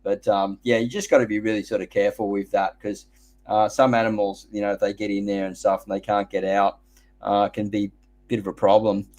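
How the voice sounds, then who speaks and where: A man's voice: on the low side, little pitch movement, brisk, a little mellow. Rambling Australian man hosting a live Q&A. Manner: rambling, jokey storyteller. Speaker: host. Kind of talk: casual live Q&A chat.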